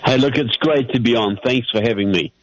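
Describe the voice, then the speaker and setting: A man's voice: medium pitch, brisk. A man from New Zealand with a New Zealand accent, a guest author explaining at length in a radio interview. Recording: dull, dry phone-in line.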